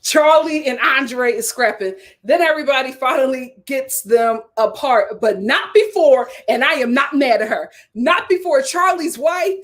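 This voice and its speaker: Woman, reality TV recap host, high voice, swooping animated delivery, casual storytelling. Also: unhurried, hardly any pauses. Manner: animated storytelling with acted quotes and laughter.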